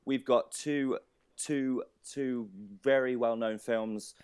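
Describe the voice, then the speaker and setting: A man co-hosting a podcast, joking excitably and swearing freely in casual banter. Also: medium pitch, slow, clean tone, dry recording, studio quality. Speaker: podcast co-host.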